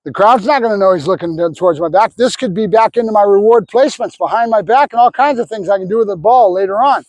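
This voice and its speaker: A dog trainer, a man with a notably high voice, talks through a hands-on training session. He mixes explanation with quick praise words for the dog. The sound is dry and close, with little room echo. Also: a little mellow. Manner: explains while giving the dog short praise cues.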